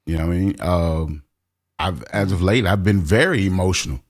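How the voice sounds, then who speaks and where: Emphatic, low-voiced man telling stories. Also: moderate pace. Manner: emphatic, expressive storyteller. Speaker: podcast co-host. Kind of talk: casual chat.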